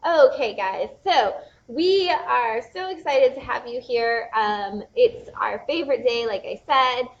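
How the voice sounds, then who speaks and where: A woman's voice: a little high, animated, unhurried, highs cut off. A young woman hosting a casual bookstore livestream, chatty and bubbly, rambling with lots of fillers. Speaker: bookstore young adult specialist, livestream host.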